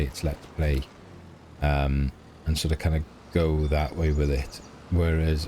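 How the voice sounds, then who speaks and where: This middle-aged British man plays a farming game as a let's play, talking in a rambling, hesitant way and often trailing off or poking fun at himself. His voice is low with a darkish tone, and a little hiss or hum sits under the recording.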